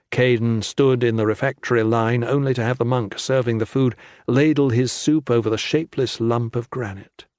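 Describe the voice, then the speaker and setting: Male audiobook narrator, gravelly, dry close sound, measured fantasy storytelling. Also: mid-range voice, darkish tone, dry recording.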